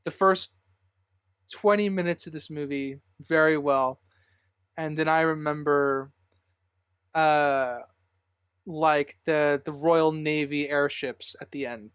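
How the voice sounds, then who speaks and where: Higher-voiced man hosting a casual podcast. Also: fairly even intonation, unhurried, a bit bright, smooth, dry recording, studio quality. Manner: rambling, laughs often, many fillers. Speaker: podcast host.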